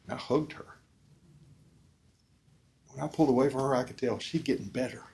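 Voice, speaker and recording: A man with an ordinary mid-range voice delivers an earnest preaching talk. He leans on call-and-response questions to his listeners and swings between loud emphasis and soft, quiet lines. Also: medium pitch, moderate pace, vocal fry. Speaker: speaker at a discipleship forum.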